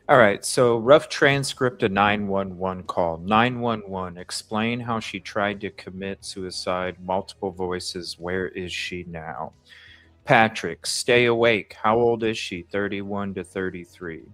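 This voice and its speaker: A man with a lowish voice who talks slowly and deliberately while hosting a live stream. He reads a transcript aloud and answers viewers' chat messages. Faint music plays underneath. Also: fairly bright tone. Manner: reads out chat comments and asks viewers to vote.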